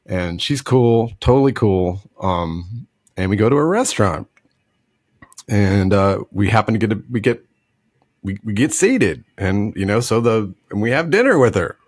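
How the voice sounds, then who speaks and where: Lively storytelling man with a dry sound. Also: lowish voice, measured pace, no echo. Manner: animated, laughing often, acting out others in a put-on drawl. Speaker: podcast co-host telling a story. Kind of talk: casual storytelling chat.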